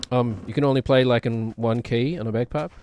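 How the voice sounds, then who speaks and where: A man's voice: medium pitch, moderate pace, a little mellow, slight background noise. A man streaming a game, chatting in a rambling, joking way with self-deprecating asides. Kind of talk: casual gaming stream chatter.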